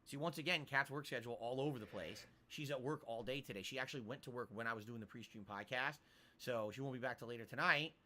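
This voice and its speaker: A man's voice: medium pitch, fast talker, pushed and bright. A man streaming games, chatting casually to his viewers and cooing at his cat. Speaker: game streamer. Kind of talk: casual livestream chat.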